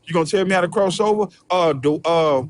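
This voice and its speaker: A man's voice: sits high, brisk, slight background noise. A man hosting a show, delivering a heated, profane rant full of repetition. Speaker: host. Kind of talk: profane ranting commentary.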